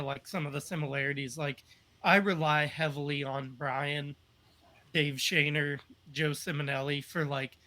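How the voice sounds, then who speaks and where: Upbeat rambling man, bright voice. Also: a little high. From United States. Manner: rambling, upbeat, many fillers. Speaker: podcast guest. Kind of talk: casual storytelling.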